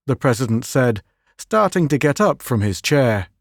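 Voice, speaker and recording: A man's voice: sing-song, moderate pace, no echo, studio quality. Man reading a science fiction story. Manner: lifts pitch for quoted speech. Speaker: audiobook narrator. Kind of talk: scripted narration.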